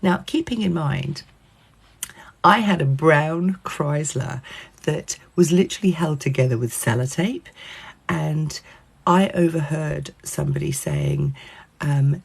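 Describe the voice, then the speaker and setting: A woman telling a story from her past in a gravelly, husky voice. She talks casually and animatedly, swears freely and fills gaps with ums and uhs. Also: sits low, big pitch swings, slow pace. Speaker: channel host telling a personal story. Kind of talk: casual anecdote.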